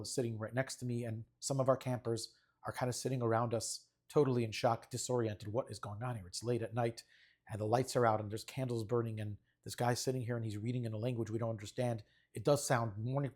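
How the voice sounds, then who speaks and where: A man's voice: medium pitch, darkish tone. A man, a rabbi giving an earnest storytelling sermon. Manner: earnest storyteller who acts out voices of children.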